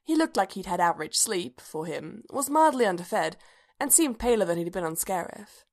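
A woman narrates a story aloud in a steady, measured audiobook style. Her voice sits at a middling pitch and keeps an even pace throughout. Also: gravelly.

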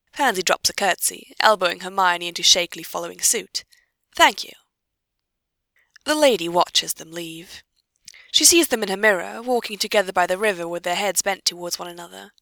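A woman narrating a story in a steady, even reading. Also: on the low side, vocal fry, no room sound. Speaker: audiobook reader.

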